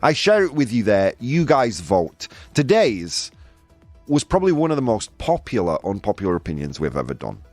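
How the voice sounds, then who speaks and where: Animated Yorkshire man, joking podcast host. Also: fairly low pitch, normal speed, dry recording, soft background music. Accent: Yorkshire English. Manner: animated, jokey, rambling with restarts. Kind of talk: casual podcast chat.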